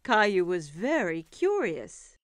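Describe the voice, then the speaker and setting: A woman narrating a preschool cartoon in a gentle storybook manner. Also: medium pitch, sing-song, takes it slowly, no echo.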